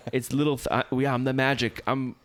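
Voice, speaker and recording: A man with a smooth, resonant voice at a middle pitch, chatting casually on a podcast. He tells a story with jokes and slips into lively impressions of the people he quotes. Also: normal speed, no room sound. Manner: joking storyteller who acts out quotes. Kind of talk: casual chat.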